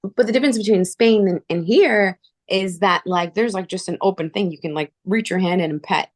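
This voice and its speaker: A woman from Canada hosting a casual chat, telling personal stories in an animated way and acting out the voices of people she quotes. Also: mid-range voice, fairly quick, dry recording, clean studio sound. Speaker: show host.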